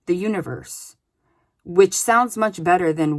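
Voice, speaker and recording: With a fairly low pitch and a slightly slow pace, a woman gives an easygoing spoken tarot reading. Her chatty style leans heavily on "like" and "okay?".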